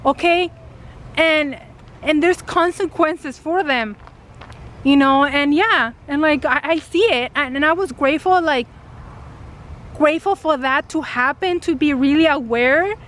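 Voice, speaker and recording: A woman vlogger telling a personal story casually to camera, animated and full of fillers, acting out what people said. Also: sits high, unhurried. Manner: animated retelling, acting out quoted dialogue, many fillers. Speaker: spiritual vlogger.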